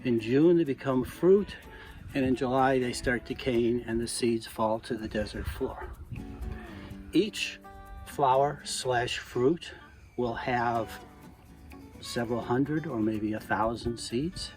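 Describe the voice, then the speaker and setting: A volunteer guide explains things patiently and step by step, with a mid-range male voice. Soft guitar music runs under him. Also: medium pitch, takes it slowly. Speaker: volunteer park tour guide. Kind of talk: explanatory guided tour talk.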